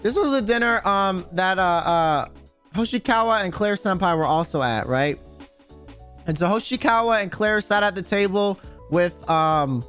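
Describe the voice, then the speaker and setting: A man's voice: high-pitched, animated, normal speed, fairly bright tone, soft background music. A young man streaming, telling a story in casual chat, swearing, laughing and saying bro a lot. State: sore throat.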